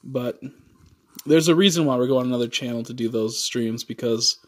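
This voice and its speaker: A man's voice: mid-range voice, a little fast. A man livestreaming, chatting casually and rambling with many fillers and casual swearing.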